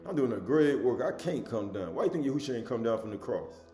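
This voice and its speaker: A man preaching a sermon, reading scripture loudly and dropping to low asides, with casual rhetorical questions to his listeners. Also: lively intonation, quick pace, reverberant, faint music behind. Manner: swings between loud emphatic reading and low murmured asides.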